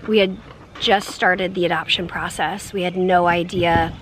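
A woman's voice: lowish voice, fairly even intonation, measured pace, background noise. A woman in her thirties chatting casually with her husband for a vlog, playful and talkative, recorded outdoors by the water. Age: 30s. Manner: chatty, playful, sings in a teasing lilt. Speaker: vlogger. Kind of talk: casual chat.

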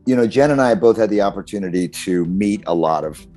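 Very deep-voiced older man, reflective. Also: animated, brisk, mellow, faint music behind. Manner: reflective and chuckling, trails off and restarts. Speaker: guest voice actor. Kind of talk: casual interview chat.

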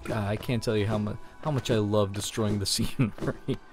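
A man giving casual gameplay commentary as a let's play host, giggly, gushing and excitable. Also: lowish voice, moderate pace, music in the background.

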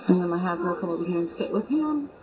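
A woman's voice: fairly low pitch, very fast, crowd noise. Chatty young woman narrating her game. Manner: chatty, excitable, informal with fillers like y'all. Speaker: gaming video creator. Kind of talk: casual game commentary. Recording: slightly muffled with faint hum.

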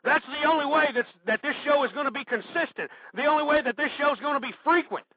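A man hosting a talk radio show, delivering an impassioned rant that breaks into shouting and swearing. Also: very high-pitched, fast talker, no echo. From United States. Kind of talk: political talk radio monologue. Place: cold room. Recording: tinny phone-like lo-fi internet radio.

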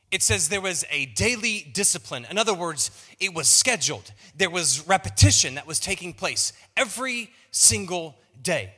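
A man's voice: a little high, lively intonation, moderate pace, hardly any pauses, bright, forceful tone, slightly rough. A male pastor preaching a sermon in a playful, self-mocking way, often repeating words. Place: large church auditorium. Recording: long reverb of a church hall.

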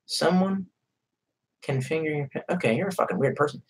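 A man's voice: a little high, lively intonation, brisk, slightly rough. A man chatting casually on a live stream, reading viewer comments aloud and rambling with lots of profanity and self-deprecating jokes.

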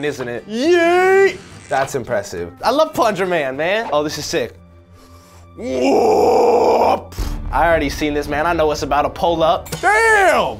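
A young man giving casual, slangy reaction commentary on short videos, full of quick exclamations. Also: high-pitched, a bit bright.

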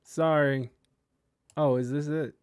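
A man's voice: fairly high pitch, fairly even intonation, slow pace, clear, resonant tone, dry recording, studio quality. This is a man hosting a casual podcast. He jokes and apologizes as things go wrong. His talk stays loose and self-deprecating. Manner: joking, flustered, self-deprecating. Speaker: podcast host. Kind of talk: casual chat.

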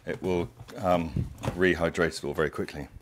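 A middle-aged man with a low voice hosts a casual cooking demonstration in his home kitchen, speaking at normal speed with fairly even intonation. He's a chatty, digressive and enthusiastic cooking show host. The recording is very noisy.

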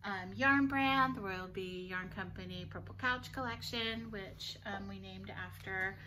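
Bright, chatty woman. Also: mid-range voice, unhurried, slight background noise. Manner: chatty and giggly. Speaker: yarn shop owner. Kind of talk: casual chat.

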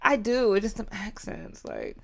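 Gravelly-voiced woman reacting casually to music. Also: medium pitch, huge pitch swings, normal speed, fairly bright tone. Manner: effusive, slangy, talks back to the song.

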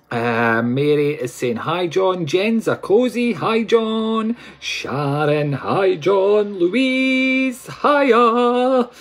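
A man's voice: sits high, drawn-out words, hardly any pauses. A Scottish man hosting a live stream as a psychic medium, chatting casually and playfully while greeting viewers by name.

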